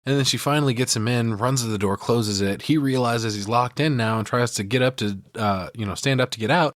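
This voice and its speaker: A man's voice: mid-range voice, fairly quick, no room sound, studio quality. A man hosting a podcast, casually and profanely breaking down a film scene by scene. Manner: profane, retells scenes with mimicked lines. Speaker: podcast host.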